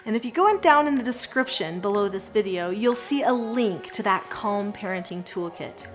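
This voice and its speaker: A woman's voice: mid-range voice, moderate pace, soft background music. Earnest woman giving parenting advice. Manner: warm, earnest and reassuring, sometimes drops to a soft calm voice. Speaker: parenting educator. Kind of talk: direct-to-camera parenting advice.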